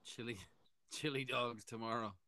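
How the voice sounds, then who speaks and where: A man co-hosting a casual podcast, making deadpan jokes. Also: mid-range voice, measured pace, no echo. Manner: joking, deadpan quips. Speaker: podcast co-host. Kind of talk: casual chat.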